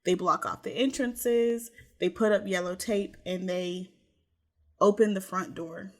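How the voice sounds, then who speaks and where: A woman's voice: mid-range voice, unhurried. Woman co-host telling a true crime story. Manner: lively narration with playful asides. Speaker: podcast co-host.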